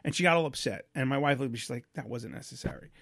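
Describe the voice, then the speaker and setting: A man's voice: medium pitch, very fast, a bit bright, no room sound, clean studio sound. A man co-hosting a casual podcast chat about family life, telling stories bluntly with lots of restarts and casual swearing. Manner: rambling storyteller with many restarts and fillers. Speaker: podcast co-host; father of young children.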